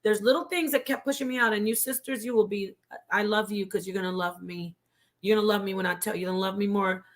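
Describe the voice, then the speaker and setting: A woman's voice: mid-range voice, fairly even intonation, quick pace. A woman guest telling her story on a talk show, passionate and preachy, sometimes dropping to a whisper for emphasis. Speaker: guest, former member of a religious group.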